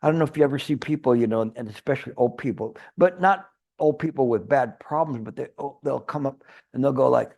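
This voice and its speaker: A man's voice: mid-range voice, fast talker, vocal fry, a little mellow. A man giving a Chan meditation teacher's retreat dharma talk, rambling and restarting, with playful everyday examples. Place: retreat hall.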